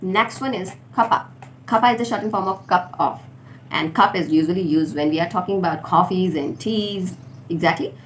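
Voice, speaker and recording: A woman teaching informal contractions, repeating each word slowly for learners. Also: fairly low pitch. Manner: slow, deliberate drilling of words. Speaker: English teacher. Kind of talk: spoken English lesson for learners. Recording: faint background noise.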